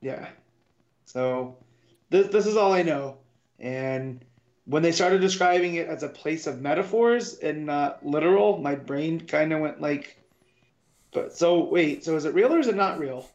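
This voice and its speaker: A man co-hosting a casual comic book review podcast, rambling and thinking out loud with many restarts. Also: a little high, unhurried, dull audio. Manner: rambling, talks through his confusion with restarts. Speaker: podcast co-host.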